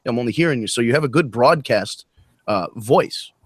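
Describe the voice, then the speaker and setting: A man hosting a podcast interview, chatty and quick with his follow-up questions. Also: mid-range voice, expressive, breathy edge, no room sound, studio quality. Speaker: podcast host. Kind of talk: casual interview chat.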